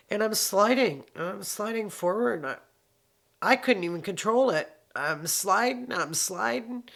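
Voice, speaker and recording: A woman's voice: on the low side, creaky, fairly bright tone. A woman, giving heartfelt personal testimony, often repeating phrases and restarting sentences. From Canada. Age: 60s. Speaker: interviewee sharing her life story.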